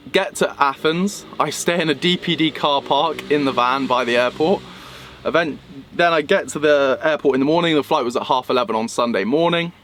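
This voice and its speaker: A young man from England recounting a travel mishap in a vlog, animated and acting out the people he met. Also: mid-range voice, a little hiss or hum. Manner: animated retelling, acting out quoted voices. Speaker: vlogger. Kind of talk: storytelling vlog.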